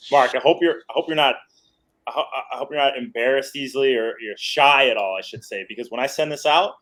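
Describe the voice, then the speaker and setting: A man's voice: medium pitch, quick pace, fairly bright tone, poor audio. A man who co-hosts a swimming podcast, bantering and joking in a casual live interview. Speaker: swim podcast co-host.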